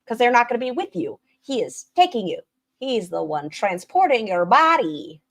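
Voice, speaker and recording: Woman, stream host, snarky commentary, lively swooping pitch. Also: moderate pace. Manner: snarky, animated, mocking. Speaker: stream host reacting to a video. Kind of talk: casual commentary.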